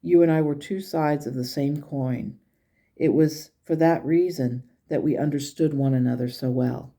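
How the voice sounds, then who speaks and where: A woman's voice: low-pitched, moderate pace, mellow. A woman quoting the spirit of her late grandmother, who speaks frankly and lovingly, close to her own voice. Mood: tender. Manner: frank and blunt, with affectionate asides.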